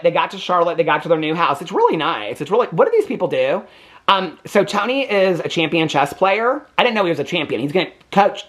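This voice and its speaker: A Midwestern American man rattles through a reality-show recap in a loose, chatty way. His pitch swings widely as he jumps into high, mocking impressions of the people he talks about. He laughs often and keeps a sarcastic edge throughout. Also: fairly bright tone. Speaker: TV recap host. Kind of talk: casual reaction recap.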